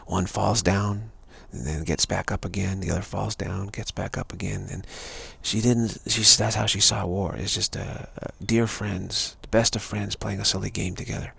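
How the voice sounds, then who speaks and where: A man's voice: deep voice, creaky, a bit bright, slightly rough. A man giving a rambling spiritual talk on a live stream, repeating himself and restarting words often. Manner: repetitive, stumbling restarts, earnest. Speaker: spiritual teacher.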